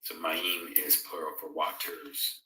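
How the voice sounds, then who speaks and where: Deep, sharp-toned man hosting a live stream. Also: level tone, slow pace, distant mic. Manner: reads out viewers' comments and answers them conversationally. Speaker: host of a live-streamed Bible fellowship. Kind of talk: casual live-stream chat and scripture reading. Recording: echoey room, voice away from the mic.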